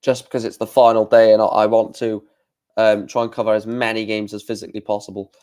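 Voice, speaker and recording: A man's voice: lowish voice, little pitch movement, fast talker, darkish tone. A man hosting a casual live stream, reading out darts results and answering chat while thinking aloud with plenty of fillers.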